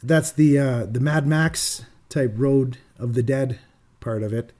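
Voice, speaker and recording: A man co-hosting a podcast, casually reviewing films with animated retelling and loose swearing. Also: mid-range voice, slow pace. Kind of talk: casual film review chat.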